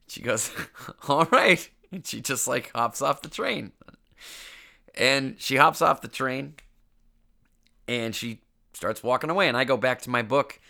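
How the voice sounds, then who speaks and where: A young man with a bright, forceful voice tells a long, rambling story at a casual pace. He sounds congested from an illness he is getting over. He mocks himself and swears freely. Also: mid-range voice, gravelly. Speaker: podcast host.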